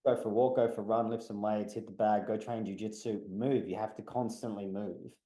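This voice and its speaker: Man, podcast guest, blunt and profane, mellow dark tone, roomy echo. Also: on the low side, steady tone, a little fast. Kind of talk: casual podcast chat. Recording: echoey room.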